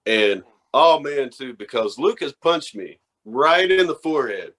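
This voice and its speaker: A man's voice: medium pitch, unhurried. A man co-hosting a podcast, telling stories with plenty of swearing. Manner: profane, storytelling, animated. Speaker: podcast co-host. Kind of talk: casual podcast chat.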